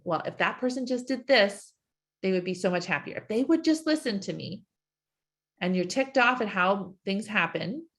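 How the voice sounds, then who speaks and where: Low-voiced woman coaching an audience. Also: fairly bright tone. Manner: encouraging, asks the audience many questions. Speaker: life coach. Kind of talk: live-streamed coaching talk.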